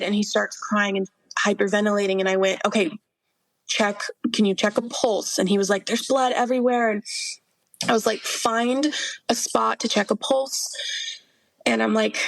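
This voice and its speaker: A woman's voice: medium pitch, vocal fry, no room sound. A young adult woman, a podcast guest, earnestly telling a personal story with many fillers and acted-out quotes. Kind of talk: personal testimony in an interview.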